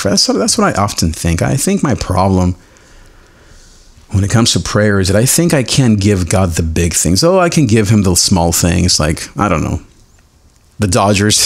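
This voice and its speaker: A man hosting a devotional podcast, animated and self-mocking, who explains Hebrew words slowly and laughs often. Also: low-pitched. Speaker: podcast host.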